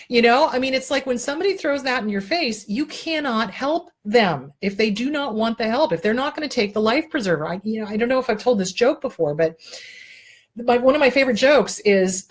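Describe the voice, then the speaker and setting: A woman hosting an advice talk, speaking bluntly, swearing freely and telling jokes with little voices. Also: medium pitch. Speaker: therapist and show host.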